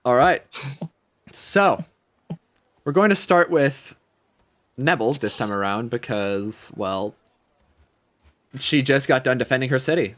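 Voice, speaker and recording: A man's voice: mid-range voice, animated, slow, long pauses, fairly bright tone. A man running a tabletop game as game master, narrating with casual wry asides.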